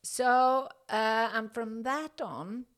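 A woman's voice: on the high side, drawn-out words. A middle-aged woman from Norway, speaking English as an as an interview guest, telling a story casually with fillers and restarts and acting out the dialogue. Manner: hesitant, many fillers and restarts, lively when acting out dialogue.

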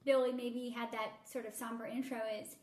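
Woman co-host, high pitch, animated film chat in an echoey room. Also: brisk. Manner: animated, acts out movie lines in quoted voices. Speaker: podcast co-host. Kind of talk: casual film discussion. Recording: roomy echo.

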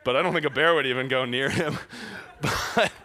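Bright-voiced young man telling a youth talk. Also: mid-range voice, normal speed. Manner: animated, filler-heavy, laughing through the telling. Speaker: youth pastor.

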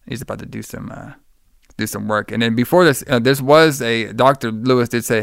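A man's voice: mid-range voice, lively intonation, brisk, creaky, dry recording, clean studio sound. A man casually recapping a movie plot, rambling with many fillers and acting out the characters' lines in a raised voice. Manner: rambling, lots of fillers, acts out quotes in a raised voice. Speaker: podcast host recapping a movie. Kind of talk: casual chat.

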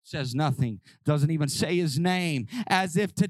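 A man preaching a sermon, acting out Bible scenes in voices and swinging from hushed, close talk to shouting. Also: on the high side, a little slow, few pauses, no room sound. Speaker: pastor. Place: church hall with congregation.

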